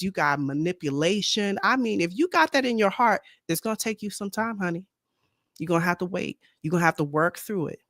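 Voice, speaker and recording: A woman's voice: fairly low pitch, a bit bright, no room sound, studio quality. A woman co-hosting a casual faith talk show, speaking bluntly and repeating her points. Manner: blunt, outspoken, repeats herself. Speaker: co-host. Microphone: streaming microphone.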